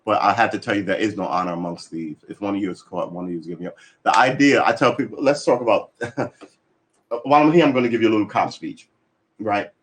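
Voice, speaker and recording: Low voiced guy rambling on his stream, swears a lot, does little voices for people he quotes. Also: fast talker. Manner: rambling, profane, acts out quoted exchanges. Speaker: livestreamer. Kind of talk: casual livestream chat.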